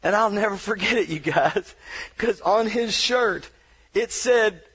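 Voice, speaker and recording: A man giving a motivational speech, telling a story dramatically and joking about himself, dropping to a hush and then shouting. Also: sits high, measured pace, slightly rough. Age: adult wheelchair user, paralyzed from injury. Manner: self-deprecating humor. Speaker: motivational speaker.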